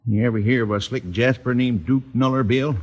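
An actor playing a wounded, crusty old rancher father in a 1950s radio western, with a gravelly, husky voice and a crusty frontier drawl. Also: medium pitch, steady tone, a little fast, dull audio, natural voice.

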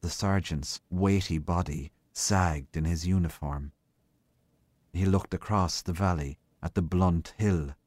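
A man giving a slow, measured literary reading of a short story. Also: deep voice, darkish tone, dry recording. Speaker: reader.

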